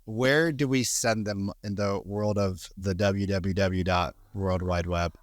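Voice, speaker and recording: A man hosting a podcast in casual chat, excitable and quick to interrupt with laughter. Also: low voice, dry recording. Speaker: podcast host.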